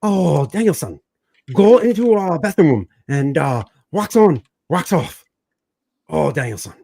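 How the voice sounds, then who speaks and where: A man's voice: high-pitched, wildly swooping pitch, measured pace, gravelly, slightly rough, pitched above the performer's own voice, heavily acted. A man putting on an old mentor voice, mock accent. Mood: mock solemn.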